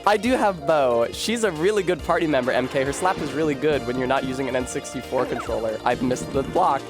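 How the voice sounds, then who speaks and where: With music in the background, a mid-range male voice moves a little fast through casual chatter on a gaming livestream. He has a Rhode Island accent and an articulate, wordy style. Self-mockery runs through what he says.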